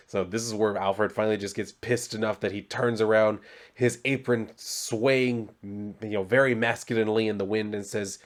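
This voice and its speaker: A man with a somewhat low voice talks through a comic book issue in a loose, casual way. He rambles, leans on "so" and "like", and gives his offhand opinions. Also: fairly even intonation, moderate pace. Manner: loose and rambling, lots of fillers like "so" and "like".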